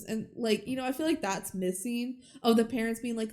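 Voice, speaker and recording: A woman's voice: fairly high pitch, normal speed, few pauses. Chatty woman co-host recapping a movie. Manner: animated retelling, acts out characters' lines, laughs often. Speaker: podcast co-host. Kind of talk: casual movie recap chat.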